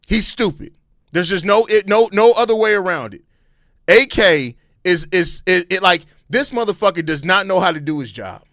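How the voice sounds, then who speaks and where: A man with a very high, bright, forceful voice hosts a live sports podcast. He rants with passion and heavy profanity. The sound is close and dry. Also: no room sound. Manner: impassioned, heavily profane ranting; calmer, apologetic stretches between outbursts. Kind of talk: live-stream sports fan commentary.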